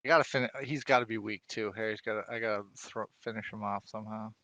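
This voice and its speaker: A man playing in a tabletop game, chatting casually with quick laughing asides. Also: on the low side, steady tone, pushed and bright, no room sound. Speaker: player.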